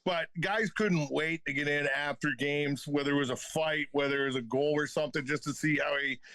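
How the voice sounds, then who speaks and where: A man's voice: fairly high pitch, fairly even intonation, brisk, fairly bright tone, dry recording. A man in his fifties, a retired hockey enforcer, telling stories as a podcast guest with plenty of swearing and laughter. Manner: profane, laughing anecdotes. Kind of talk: casual storytelling.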